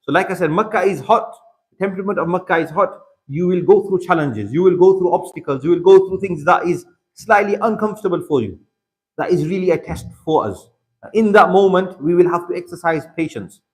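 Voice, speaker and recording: British guy teaching a mosque workshop, talks quick, slightly high voice, keeps urging folks. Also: husky. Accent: British English. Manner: earnest, urging, repeats for emphasis. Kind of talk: religious workshop talk. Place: mosque hall.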